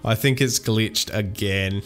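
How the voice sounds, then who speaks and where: A man's voice: fairly low pitch, takes it slowly. A young man chatting casually while playing a video game, rambling with many fillers and restarts. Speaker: gaming channel host. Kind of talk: casual let's-play commentary.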